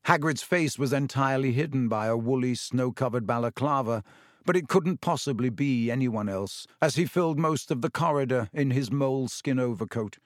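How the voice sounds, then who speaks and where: A man reading a novel aloud in an even, measured narration. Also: medium pitch, no room sound, clean studio sound. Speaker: audiobook narrator. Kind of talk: scripted narration.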